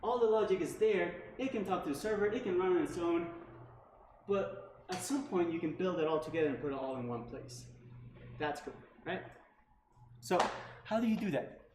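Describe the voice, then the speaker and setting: A man's voice: high voice, lively intonation, normal speed. A man giving a casual technical talk at a developer meetup, full of fillers like "like" and "right?". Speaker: meetup speaker. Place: meetup room. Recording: echoey room, faint background noise.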